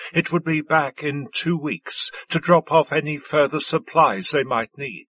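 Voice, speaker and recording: A man reading fiction aloud as an audiobook narrator, in a measured, scripted way. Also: on the high side, fairly bright tone, slightly rough, lo-fi sound.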